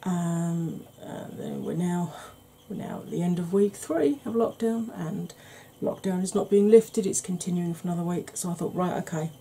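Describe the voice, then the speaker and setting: A woman's voice: lowish voice, lively intonation, moderate pace, vocal fry, hardly any pauses, warm tone, slight background noise. A woman hosting a makeup channel, chatting casually through a tutorial with rambling, self-deprecating asides.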